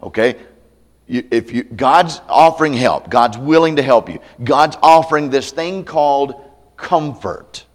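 A male pastor preaches a sermon at a camp meeting in a conversational, candid style, mixing in self-deprecating humor and acting out the voices he quotes. His pitch is medium and his pace measured.

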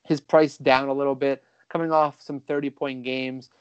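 A man hosting a fantasy basketball podcast, talking casually and quickly with a few restarts. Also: medium pitch, flat delivery, clean tone, no echo, highs cut off. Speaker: podcast host.

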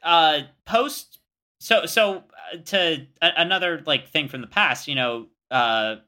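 A young man co-hosting a podcast in casual chat, his voice very bright and sitting a touch high. He talks haltingly, with many fillers and restarts. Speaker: podcast co-host.

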